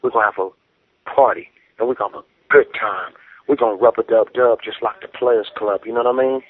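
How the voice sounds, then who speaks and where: A man's voice: medium pitch, a little fast, husky, dry recording. A man calling in by telephone, talking in emotional slang and fighting back tears. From San Francisco Bay Area. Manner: emotional, preachy slang-heavy. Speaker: guest rapper. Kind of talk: phone-in shout-outs. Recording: dry tinny phone line.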